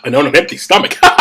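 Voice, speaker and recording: A man hosting a comedic Bible reading, rambling with profane, tipsy asides while drinking. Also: a little high. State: drinking gin. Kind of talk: casual comedic commentary.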